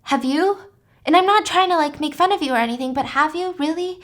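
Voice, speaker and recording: A manipulative young woman , as a woman narrator puts her on, pleads and coaxes in a persuasive, slightly higher voice. She sounds like a person being retold in a casual story rather than fully acted. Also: a little fast, a bit bright. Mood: insistent.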